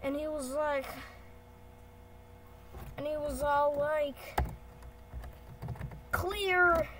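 A woman's voice: sits high, flat delivery, takes it slowly, background noise. A woman giving rambling, playful commentary while using a computer, correcting herself as she goes. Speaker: channel host. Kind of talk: casual screen-recording commentary. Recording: keyboard and mouse clicks behind. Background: typing and clicking.

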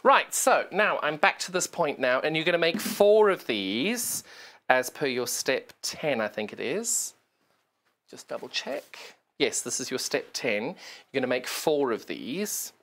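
A presenter walks viewers through a sewing demonstration on live television. The delivery is chatty and self-deprecating, explaining each step while the hands keep working, even coaxing the sewing machine along. The voice sits at a middle pitch. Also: unhurried. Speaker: shopping channel sewing presenter.

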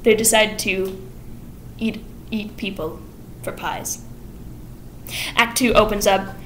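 A woman's voice: medium pitch, slow pace, echoey room, a little hiss or hum, low-quality recording. A woman vlogger giving a casual plot summary in a chatty, irreverent way.

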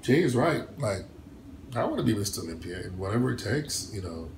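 Animated man telling a story in an echoey room. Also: a little fast, vocal fry, background noise. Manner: animated, acts out quotes with big pitch jumps, laughs often. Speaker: bodybuilder guest.

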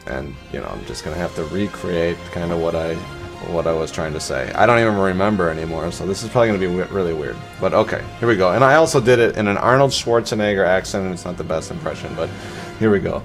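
A man's voice: sits low, quick pace, faint music behind. A man talking casually through a toy unboxing, rambling and playful with lots of fillers. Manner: rambling, playful, self-narrating with many fillers. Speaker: toy vlogger.

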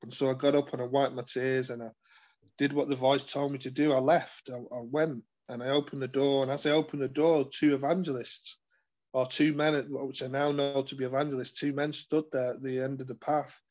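A man telling his life story as an interview guest, earnest and halting, with many fillers and restarts. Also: medium pitch, little pitch movement, a little mellow. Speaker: guest sharing his testimony. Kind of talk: personal testimony in conversation.

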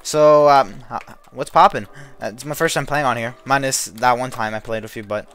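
A man live-streaming a game, chatting in a rambling, excitable way with a friend over voice chat. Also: mid-range voice, clean tone, faint music behind. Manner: rambling and excitable, quick to shout. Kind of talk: casual gaming chat.

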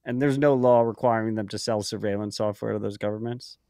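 A man's voice: fairly low pitch, fairly even intonation, fairly quick, vocal fry, dark tone, no room sound, clean studio sound. A man co-hosting a podcast in casual chat, talking in a profane, rambling way full of fillers like "like" and "um". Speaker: podcast co-host.

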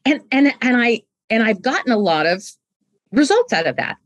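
Animated middle-aged woman coaching on leadership. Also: a little high, normal speed, highs cut off. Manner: animated, acts out quoted voices, repeats words when starting a thought. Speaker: podcast guest, leadership coach. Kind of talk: conversational interview.

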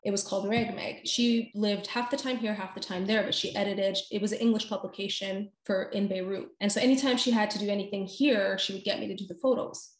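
A woman in her forties, a podcast guest telling personal stories in a casual, animated way with lots of "like". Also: medium pitch, echoey room. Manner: animated, acts out quoted speech, frequent "like". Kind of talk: casual interview storytelling.

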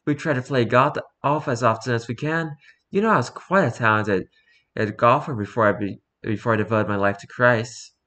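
A man's voice: medium pitch, normal speed, a bit bright, pitched below the performer's own voice, close to an everyday voice. A man voicing a frustrated nun, a woman who loves golf, telling a rueful story in a read-aloud joke. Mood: exasperated.

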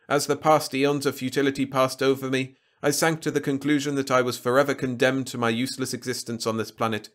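A man's voice: medium pitch, pitched above the performer's own voice, natural voice. A man voicing a grandiose, contemptuous ancient alien weapon in a storybook reading, speaking with lofty, pompous declamation.

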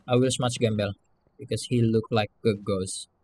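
A man's voice: lowish voice, steady tone, normal speed, darkish tone, slight background noise. A man giving casual gameplay commentary in a horror game, talking through his moves to teammates in broken English. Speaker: gamer streaming a horror game.

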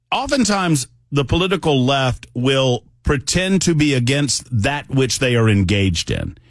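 A male talk radio host delivers a political monologue in a conversational, emphatic way, drifting into asides as he goes. His pitch swings widely and animatedly while he stays at a middle register. The sound is dry and close, with no room around it. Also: no echo.

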